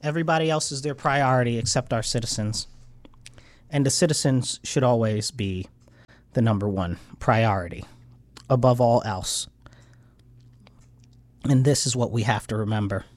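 A man's voice: medium pitch, moderate pace, pauses often, darkish tone, dry recording. Frustrated American man ranting on a livestream. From United States. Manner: frustrated, rambling, swings into heated outbursts. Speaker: livestream host. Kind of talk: casual political livestream rant.

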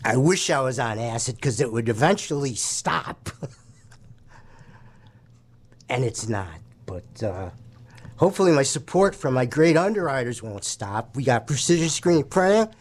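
A man's voice: medium pitch, big pitch swings, moderate pace. A man hosting a local radio show, rambling and joking irreverently through sponsor reads. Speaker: radio host. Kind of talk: casual radio banter.

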